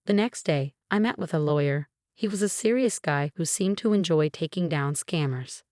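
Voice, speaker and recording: A woman narrating a story in a measured, even way. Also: sits low, dry recording, studio quality.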